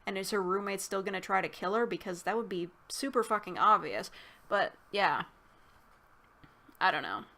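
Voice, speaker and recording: A woman's voice: medium pitch, lively intonation, normal speed, pushed and bright. A woman recapping and reviewing a movie in a casual, rambling way, heavy on "like" and swearing. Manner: rambling, profane, filler-heavy.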